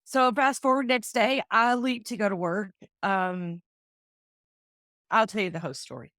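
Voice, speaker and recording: A woman's voice: medium pitch, measured pace, fairly bright tone, no echo, studio quality. A woman in her fifties, a real estate agent, telling a personal story in an interview and acting out the conversations she remembers. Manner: heartfelt, acts out remembered dialogue.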